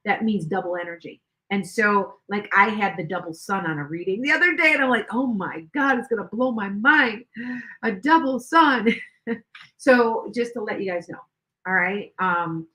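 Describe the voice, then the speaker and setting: A woman's voice: medium pitch, pushed and bright, rough recording. An older woman hosting a tarot livestream, chatting casually in a rambling way with many restarts. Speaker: tarot reader livestream host.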